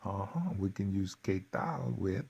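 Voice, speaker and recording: A man teaching a workbook lesson, repeating phrases slowly with folksy asides. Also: sits low, expressive, gravelly, a little mellow, slightly rough, lo-fi sound. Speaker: Spanish teacher.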